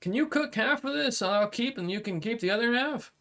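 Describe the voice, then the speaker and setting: A man voicing a gruff, blunt male dragon-kin samurai in a tabletop game, with hesitant, clipped phrasing. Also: extremely high pitch, animated, a little fast, fairly bright tone, pitched above the performer's own voice, full character voice.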